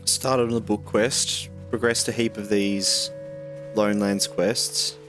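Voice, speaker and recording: A man's voice: fairly low pitch, little pitch movement, slow, over music. A young man chatting casually while streaming a game, rambling and answering chat.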